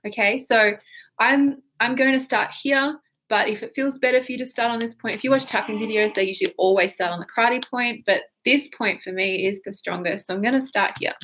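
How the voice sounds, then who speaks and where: In a home setup on camera, a woman coaches a guided tapping session. Her voice sits on the high side, with a brisk delivery and a fairly bright tone. She talks casually but breaks into exaggerated emotional phrases and breaths.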